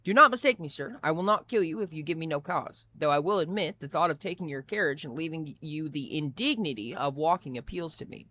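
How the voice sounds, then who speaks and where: A man doing a brash young highwayman. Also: animated, fairly quick, hardly any pauses. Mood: cocky. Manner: loud, raised, theatrical delivery.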